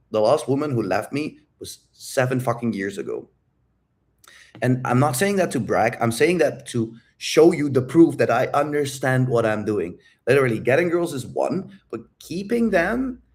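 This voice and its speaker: A man coaching on dating in a casual livestream Q&A, talking bluntly and with lots of swearing, repeating his key phrases and asking viewers directly if they follow. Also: mid-range voice.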